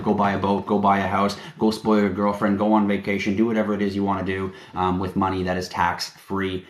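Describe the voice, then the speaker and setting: A man hosting a live stream, talking in an emphatic, confident, preachy way. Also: on the low side. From Canada. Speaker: livestream host. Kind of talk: casual livestream talk. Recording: roomy echo.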